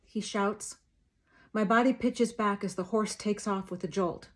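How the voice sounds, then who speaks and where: A woman author reading the first chapter of her novel in an expressive, dramatic voice. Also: mid-range voice, normal speed. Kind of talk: first-person book reading, then casual talk to viewers.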